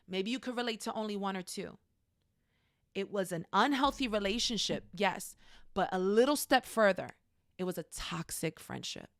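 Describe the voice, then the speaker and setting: A woman leads a faith-based class, speaking frankly and talking straight to her listeners. Her voice sits at a middle pitch. The sound is dry and close. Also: dry recording. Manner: conversational, frank, addresses listeners directly; acts out quoted voices. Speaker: class teacher. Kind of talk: faith-based teaching talk.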